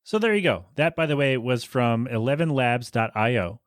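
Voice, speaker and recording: Guy rambling thru his solo podcast, mid-pitched, super dry close sound. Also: expressive, moderate pace, no room sound. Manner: rambling, restarts often, frank opinions. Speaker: podcast host. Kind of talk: casual solo podcast chat.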